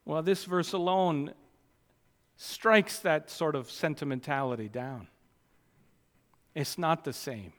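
A man preaching a sermon, swinging between quiet asides and loud, emphatic declarations. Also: medium pitch, takes it slowly. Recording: long hall reverb.

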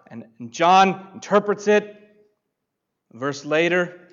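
A man's voice: high-pitched, expressive, takes it slowly, long pauses. Emphatic male preacher, lo-fi sound. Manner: emphatic, rising loud on key phrases. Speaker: pastor. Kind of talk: sermon. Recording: dull lo-fi sound.

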